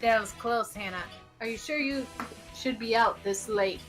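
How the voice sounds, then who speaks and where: A woman voicing a cool, tough older woman in a dating game, talking slow and deadpan, lowering her voice. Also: faint music behind, lightly acted. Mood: cool, gruff. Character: tough cool adult woman, scooter-riding pigeon.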